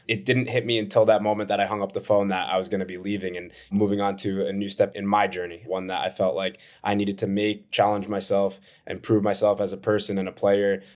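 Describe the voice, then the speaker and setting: A man's voice: on the low side, flat delivery, fairly quick, few pauses. A man, a footballer answering interview questions in an earnest, reflective way. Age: 20s. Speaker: professional footballer, guest.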